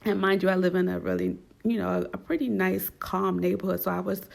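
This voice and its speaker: A woman telling a personal story casually and with animation, acting out quoted lines in a higher voice. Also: fairly even intonation, brisk, creaky, darkish tone.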